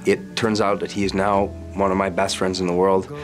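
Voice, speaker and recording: A man's voice: deep voice, flat delivery, fairly quick, over music. A male singer as an interview guest, telling stories in a chatty, playful way. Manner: chatty storyteller, warm and playful. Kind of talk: casual interview chat.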